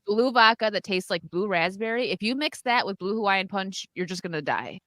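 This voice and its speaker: A woman with a bright, forceful voice hosts a relaxed party stream, chatting, giggling and reading out donations. Her voice is close and dry, with no room sound around it. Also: mid-range voice, a little fast, no echo. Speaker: live stream host. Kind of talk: casual party chat on a live stream.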